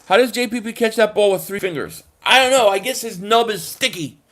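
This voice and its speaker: A man hosts a casual live stream and reads chat comments aloud. His voice sits high and he talks in an animated, emphatic way. He often stumbles and restarts his sentences. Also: brisk.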